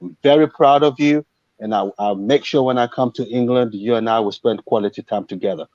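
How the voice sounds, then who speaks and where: A man's voice: mid-range voice, brisk, a little mellow, no room sound, lo-fi sound. A Nigerian man hosting a live talk show, speaking in an impassioned, preachy way. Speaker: show host.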